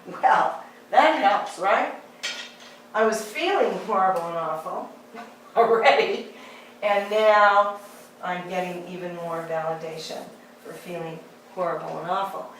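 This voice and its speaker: A woman's voice: on the low side, unhurried, slight background noise. A woman giving a candid, conversational talk and telling a personal story. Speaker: speaker. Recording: echoey hall, distant mic.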